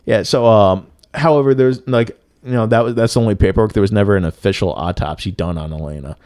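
A man's voice: fairly low pitch, quick pace, a little mellow, no room sound, studio quality. A man co-hosting a podcast, telling a story in a loose, profane way with lots of filler words. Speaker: podcast co-host. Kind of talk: casual storytelling chat.

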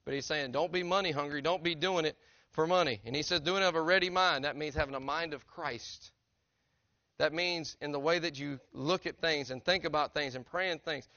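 A man's voice: a little high, normal speed, pushed and bright, no echo, highs cut off. A middle-aged man, preaching a sermon as a pastor in a conversational, earnest way that keeps asking his congregation direct questions. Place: church sanctuary.

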